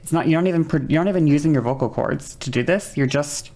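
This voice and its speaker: A woman streaming live, explaining voice technique to her chat in a loose, casual way. Her voice sits low for a woman. She rambles, restarts her sentences and keeps apologizing. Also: quick pace, dark tone.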